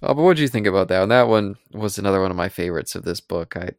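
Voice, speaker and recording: A man co-hosting a podcast, retelling comic scenes in a casual, animated way and acting out the characters' lines. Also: deep voice, quick pace, no echo, studio quality. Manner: animated retelling with acted-out quotes. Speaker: podcast co-host. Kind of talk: casual comic book discussion.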